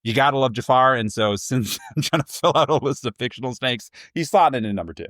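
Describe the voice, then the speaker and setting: A man joins a casual podcast chat as guest co-host, easygoing and prone to small chuckles between points. His medium-pitched voice is fairly bright and lively, a little fast, and recorded dry with clean studio sound.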